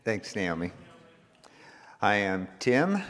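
A man's voice: on the low side, big pitch swings, slow, a bit bright, in a large hall. A man sharing reflectively at a recovery support meeting, with frequent fillers. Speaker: recovery group member sharing.

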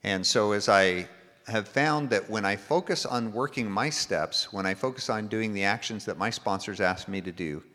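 Man, somewhat low voice, reflective, filler-heavy, long reverb. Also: normal speed, pushed and bright. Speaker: recovery group member sharing. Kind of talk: personal sharing at a support meeting.

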